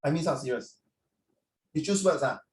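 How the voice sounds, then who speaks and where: A man's voice: on the high side, moderate pace. A middle-aged man, teaching an online class in a playful, teasing way. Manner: playful, teasing, peppers questions with "ah". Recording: roomy sound, distant mic.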